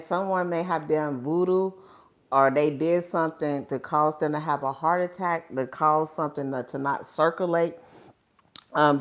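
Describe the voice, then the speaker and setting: A woman giving a live tarot reading in a casual, rambling way, often checking in with "okay?". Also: deep voice. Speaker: tarot reader.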